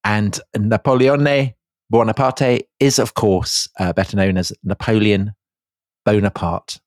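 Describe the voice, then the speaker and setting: A man co-hosting a history podcast in casual chat, with dry, deadpan humour. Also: on the low side, measured pace, no echo. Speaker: podcast co-host.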